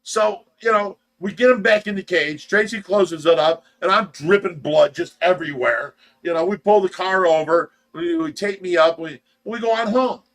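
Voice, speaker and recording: Midwestern American male host, high and bright, tells stories loudly and animatedly on a casual livestream. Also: normal speed, hardly any pauses. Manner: animated, shouts and mimics in the telling. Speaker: show host telling a story.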